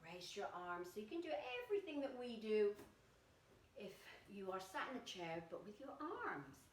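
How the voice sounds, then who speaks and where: A woman's voice: medium pitch, big pitch swings, moderate pace, slight background noise. Woman, kids' yoga teacher, bouncy sing-song delivery, recorded from a distance in an echoey room. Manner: encouraging, sing-song instructions with animal sounds. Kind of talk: guided children's yoga class.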